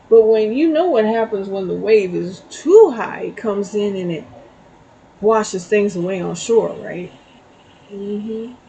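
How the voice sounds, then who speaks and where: Slow, chatty tarot-reading woman. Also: mid-range voice, warm tone, a little hiss or hum, poor audio. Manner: chatty, storytelling, frequent "okay?" asides. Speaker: tarot reader. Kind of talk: casual spiritual reading to viewers.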